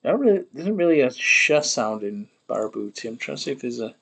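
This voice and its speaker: A man's voice: medium pitch, big pitch swings, quick pace, creaky, fairly bright tone, husky. A man streaming from his desk, thinking aloud and muttering as he works, trailing off and correcting himself, with keyboard typing behind him. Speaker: streamer building a made-up language. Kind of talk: thinking aloud while working. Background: keyboard clicks and typing.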